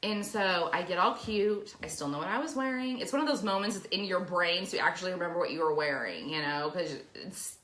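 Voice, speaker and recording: A woman telling stories in casual chat, acting out each scene with a lively voice that swoops up and down. Her tone is bright and sharp, and the room adds a noticeable echo. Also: on the low side, fairly quick, few pauses. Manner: animated storyteller, acts out scenes. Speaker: podcast co-host.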